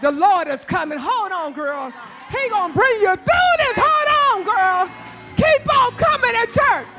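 A woman giving a church testimony, calling listeners by name and rising into shouted preaching. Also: very high-pitched, lively intonation, measured pace, over music, crowd noise. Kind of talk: testimony sermon.

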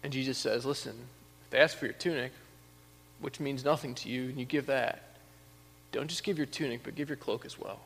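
A man's voice: mid-range voice, fairly even intonation, brisk, fairly bright tone. Man preaching in a reverberant hall. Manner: conversational preaching, rising to emphatic peaks. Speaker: pastor. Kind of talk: sermon.

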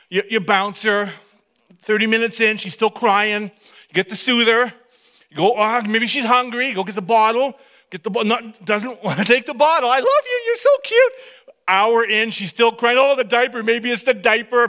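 A pastor in his fifties telling a story from the pulpit, his voice pitched high and ringing bright. He acts the story out dramatically, often dropping to a near hush for effect. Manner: animated, dramatic storytelling that drops to hushed tones. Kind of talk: storytelling sermon.

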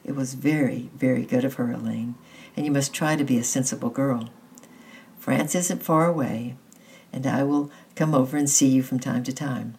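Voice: mid-range voice, moderate pace, creaky, darkish tone, lightly acted. A reader voicing a worried mother who speaks to her daughter in a hesitant, coaxing way.

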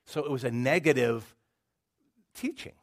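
A middle-aged man preaching a sermon as pastor, telling stories in an animated way and repeating words as he builds his point. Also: mid-range voice, normal speed.

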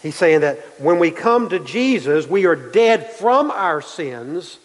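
A man's voice: on the high side, sing-song, takes it slowly, long reverb tail, rough recording. A man preaching a sermon, repeating his key points for emphasis and building in intensity. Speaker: pastor.

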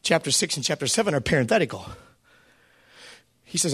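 A man preaching a sermon as pastor, swinging between shouted appeals and quiet asides and putting questions to the congregation. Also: fairly high pitch, very animated, brisk, long pauses, husky. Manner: preaches with fervor and calls out to the listeners.

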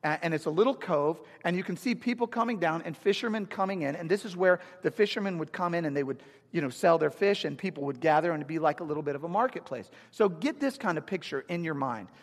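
Energetic preacher in an echoing sanctuary. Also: male voice, fairly high pitch, fast. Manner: energetic, humorous, conversational preaching. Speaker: pastor. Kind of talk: sermon. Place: church sanctuary. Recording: long reverb of a large hall.

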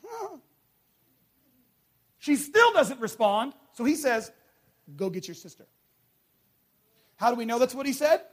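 A man with a high, light voice preaches a sermon with real fire. He climbs to loud, urgent peaks, then drops to hushed, intimate lines for the congregation. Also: very animated, measured pace, long pauses. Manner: passionate, swings from shouting to hushed.

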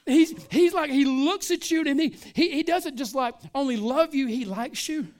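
A man's voice: extremely high pitch, moderate pace. Casual, emphatic middle-aged male preacher. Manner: casual, emphatic preaching with frequent "man" and "listen"; swings between hushed and loud, stretching key words. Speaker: pastor. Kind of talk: sermon.

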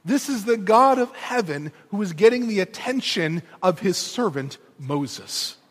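A male pastor preaching a sermon in an animated, storytelling way with casual conversational asides, in a church. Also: sits high, unhurried, husky. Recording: reverberant hall.

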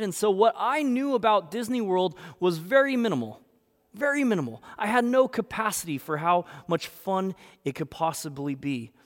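A man's voice: high-pitched, fairly bright tone, long reverb tail. A man from the United States preaching a sermon, telling a story and acting out the voices. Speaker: pastor.

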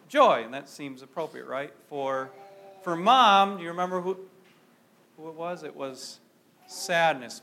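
A man's voice: fairly high pitch, pushed and bright. A man preaching a sermon to a congregation in a conversational way, often asking his listeners questions. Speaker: pastor.

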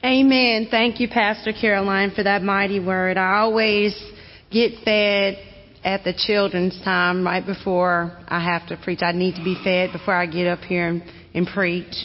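A woman's voice: mid-range voice, level tone, a little slow. A woman from Arkansas, a guest preacher delivering a sermon in a folksy, friendly manner. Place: church sanctuary. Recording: dull sound in a reverberant church.

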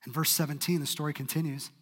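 A man preaching a sermon in a church, expressive and dramatic in his delivery. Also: on the high side, fast talker, husky, big-room sound. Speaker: pastor.

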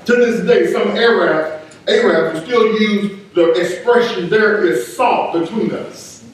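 High-voiced man, preaching, echoing hall, distant mic. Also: measured pace. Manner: emphatic, repeats words for stress. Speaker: pastor. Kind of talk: sermon. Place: church sanctuary. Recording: echoey room, mic at a distance.

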